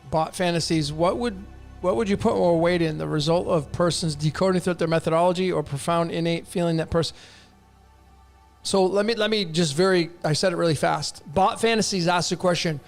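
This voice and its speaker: Male host, high-pitched, blunt, repeats for emphasis, soft music underneath. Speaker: host answering viewer questions. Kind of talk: casual live-stream talk.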